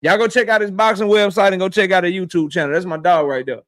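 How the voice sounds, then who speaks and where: Man, very high voice, streamer host, profane, slangy, reacting to chat. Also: fairly even intonation, fast talker, a bit bright. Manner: loose, profane, trash-talking, reads chat aloud. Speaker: boxing channel host. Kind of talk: casual live-stream chat.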